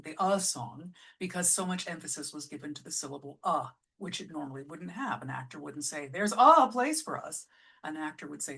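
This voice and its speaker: A woman's voice: deep voice, creaky, breathy edge. A middle-aged woman speaking to camera as an artistic director, explaining songwriting craft in a chatty, thoughtful way with frequent fillers and restarts. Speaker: artistic director giving advice on musical writing. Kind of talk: casual vlog lecture.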